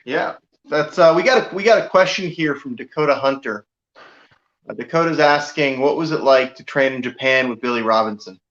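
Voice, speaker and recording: A man's voice: medium pitch, moderate pace, fairly bright tone. A man hosting an interview, briefly reading out viewer questions with hesitant fillers. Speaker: interview host. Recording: roomy lo-fi stream audio.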